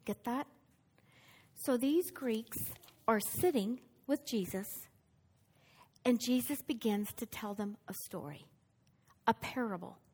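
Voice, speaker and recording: A woman's voice: on the high side, slow pace, long pauses, darkish tone, husky. A woman preaching a sermon, telling a story with energy and putting questions to her listeners.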